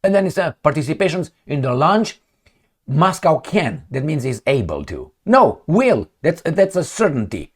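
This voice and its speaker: A man's voice: fairly high pitch, big pitch swings, normal speed, slightly rough. A man hosting his own opinionated commentary vlog, talking bluntly and profanely, repeating words for stress and making gunfire and kicking noises with his mouth. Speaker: channel host.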